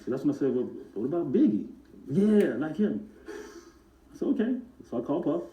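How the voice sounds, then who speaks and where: A man, a music producer and guest, telling stories in an animated way and acting out the voices of the people in them. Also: on the high side, very fast, roomy sound, rough recording. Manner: acts out other people's voices in his stories. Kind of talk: animated storytelling.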